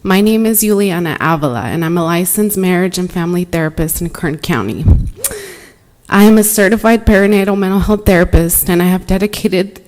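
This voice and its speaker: A woman's voice: fairly low pitch, lively intonation, brisk, darkish tone, rough recording. A woman therapist giving earnest, emotional public comment at a board meeting, reading prepared remarks.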